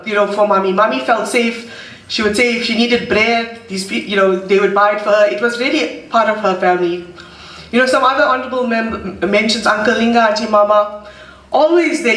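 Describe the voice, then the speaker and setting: A man, the son of the deceased, from South Africa, giving a funeral vote of thanks with halting pauses and gentle humor. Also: high voice. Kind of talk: funeral speech. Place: funeral hall. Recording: roomy hall, mic at a distance.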